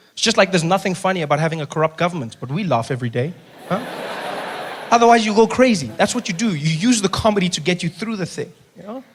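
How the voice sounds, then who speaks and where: A man with a South African accent performing a stand-up routine in animated storytelling, swinging between quiet asides and loud punchlines. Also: sits high, breathy edge. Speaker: stand-up comedian. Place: stage.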